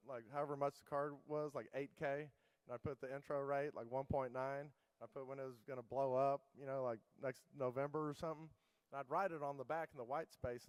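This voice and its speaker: A man's voice: medium pitch, clear, resonant tone, no echo, poor audio. A middle-aged man giving a conference keynote, telling casual, rambling anecdotes full of fillers and restarts. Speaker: keynote speaker.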